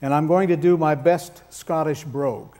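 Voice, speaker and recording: A man's voice: on the high side, steady tone, normal speed, dark tone, smooth. A man preaching a sermon in a conversational, emphatic way with touches of dry humor.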